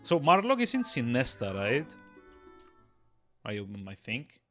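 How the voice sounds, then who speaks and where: A man streaming a game live, chatting excitably with frequent laughs and self-interruptions. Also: medium pitch, takes it slowly. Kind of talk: live let's-play commentary. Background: game music.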